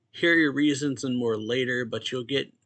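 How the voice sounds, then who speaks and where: Young man guarding his family, bright and forceful, read out plainly by a man recapping a comic. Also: medium pitch, a little slow. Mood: defiant.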